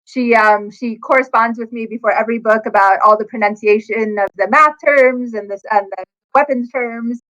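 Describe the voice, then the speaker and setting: Animated, high-voiced woman author. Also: normal speed, few pauses, muffled recording. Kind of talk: casual conversation.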